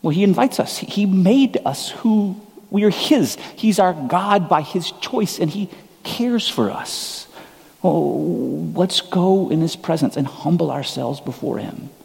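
A man's voice: high-pitched, animated, measured pace, gravelly, a little mellow, husky, long reverb tail. A man preaching a sermon as pastor, conversational and earnest, often poking fun at himself. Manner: conversational, earnest, self-deprecating.

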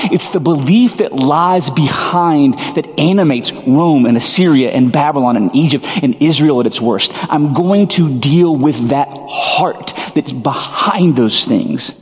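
A man's voice: on the high side, unhurried, hardly any pauses, big-room sound. A male pastor preaching a sermon in a casual, earnest way, full of "like" fillers. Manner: conversational, filler-heavy, earnest.

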